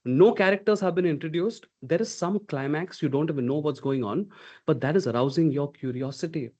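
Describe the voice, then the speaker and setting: A man's voice: fairly high pitch, fairly quick, darkish tone. A man teaching a leadership class online. He talks emphatically, throws rhetorical questions at his students and checks in with a frequent "okay?". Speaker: leadership instructor. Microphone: video call. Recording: dull lo-fi call audio.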